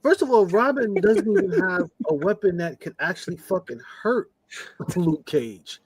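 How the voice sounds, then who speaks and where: High, husky-voiced joking man. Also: very animated, normal speed, no room sound. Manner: joking, swears freely. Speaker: podcast co-host. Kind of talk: casual podcast banter.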